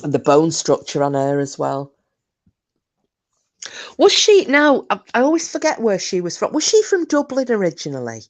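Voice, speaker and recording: A woman hosting a live stream, chatting casually and warmly to viewers, rambling with restarts and fillers. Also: sits low, wildly swooping pitch, brisk, hardly any pauses. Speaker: livestream host.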